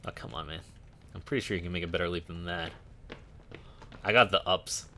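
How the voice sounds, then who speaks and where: A man with a low voice talks through a game stream in a casual, joking way. His tone is bright and forceful, and he fills the play with dry, sarcastic remarks. A faint noise sits under the recording. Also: fairly even intonation, fairly quick. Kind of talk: casual gameplay commentary.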